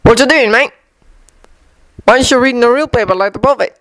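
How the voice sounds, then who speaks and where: A woman's voice: on the high side, fast talker, fairly bright tone, no echo, pitched above the performer's own voice, close to an everyday voice. A woman voicing a scruffy male wizard who drinks at a pub. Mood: surprised.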